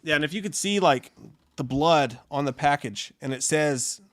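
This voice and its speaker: A man's voice: a little high, normal speed. A man co-hosting a casual live stream, laid-back, swearing casually and thanking viewers. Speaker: co-host.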